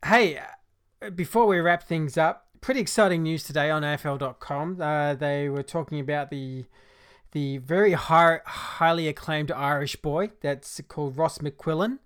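A man's voice: fairly high pitch, normal speed, clear, resonant tone. A man hosting a podcast in casual chat, easygoing and hesitant with lots of fillers. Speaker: podcast host.

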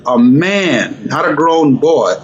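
An older man with a fairly high voice tells a story in a lively, dramatic way, acting out the voices in it. The sound is dull and lo-fi, with a faint hiss underneath. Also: slow, reverberant. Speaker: guest speaker. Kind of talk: storytelling interview.

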